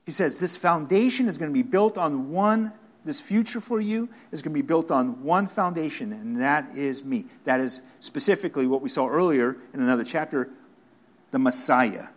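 A man preaching a sermon, acting out the words of God with questions, repetitions and dramatic pauses. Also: a little high, animated. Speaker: pastor.

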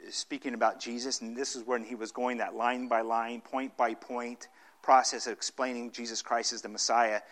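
A man's voice: mid-range voice, a bit bright. A man preaching a sermon as pastor, explaining scripture verse by verse, often restarting phrases and rising sharply when he reads quotations aloud. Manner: emphatic preaching, dramatic rises when quoting scripture; frequent restarts and fillers while explaining.

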